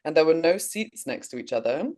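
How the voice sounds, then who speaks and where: An English woman who co-hosts a podcast recounts a long dream in a casual, animated way, swearing and laughing as she goes. Her voice is deep, and she talks fairly quickly.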